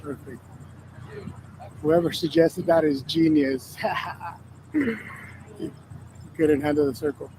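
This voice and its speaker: A man filming a street scene, talking low-key to his viewers outdoors. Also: level tone, dark tone. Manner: low-key, gravelly, unhurried. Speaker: street videographer. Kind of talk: talking to camera. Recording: noisy outdoor street recording.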